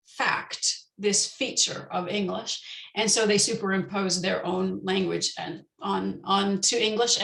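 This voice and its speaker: A woman presenting an online teacher-training lecture, explaining step by step with frequent pauses and slowing down to model example sentences. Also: mid-range voice, vocal fry, a bit bright, reverberant, rough recording.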